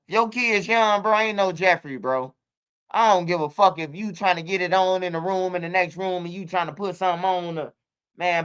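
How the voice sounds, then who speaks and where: Bright, smooth-voiced man telling stories. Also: high voice. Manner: animated storytelling, street slang and profanity, frequent restarts. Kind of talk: casual interview chat.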